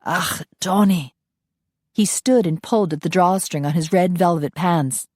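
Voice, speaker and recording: Low-voiced woman narrating an audiobook. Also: normal speed, dark tone, no room sound, clean studio sound.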